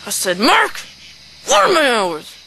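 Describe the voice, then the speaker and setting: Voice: sits high, wildly swooping pitch, unhurried, creaky, pushed and bright, slight background noise, full character voice, poor audio. A performer playing a rude, hot-tempered man shopper who rants, swears and threatens in an amateur sketch. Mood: ranting.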